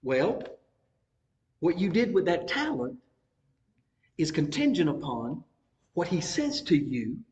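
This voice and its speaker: High-voiced pastor in an echoey hall. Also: male voice, sing-song, takes it slowly, pauses often, darkish tone. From North Carolina. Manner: folksy, conversational preaching with Southern colloquialisms. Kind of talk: Bible study teaching.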